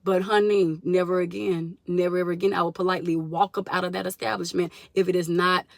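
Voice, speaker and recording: A young woman telling a story to her viewers in a casual, animated vlog, addressing them as y'all. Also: on the low side, fast, gravelly, no echo. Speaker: vlogger.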